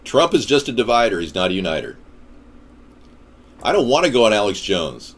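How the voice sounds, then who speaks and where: A man's voice: on the low side, very animated, a little fast. A man delivering a ranting political monologue in a combative, sarcastic manner. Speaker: political commentator.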